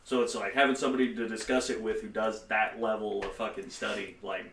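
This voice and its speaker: A man who runs a tabletop game gives blunt, casual feedback to his group and swears freely. His voice is bright and forward. He sits back from the mic in an echoey room with faint noise behind him. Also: fairly low pitch, level tone, fairly quick, gravelly, distant mic. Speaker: game master.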